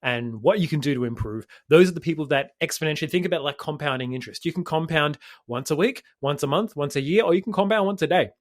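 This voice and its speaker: A man co-hosting a podcast as a fitness coach, rambling quickly and swearing casually. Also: fairly high pitch, dry recording, studio quality. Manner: fast, rambling, swears casually, says mate.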